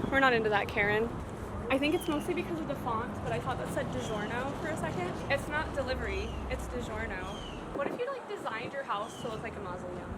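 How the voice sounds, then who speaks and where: A woman's voice: a little high, sing-song, fast talker. A woman hosting a travel vlog, chatting and joking in rambling banter while walking outdoors through city streets and a cemetery. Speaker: vlog host. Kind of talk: casual travel vlog chat. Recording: loud street noise.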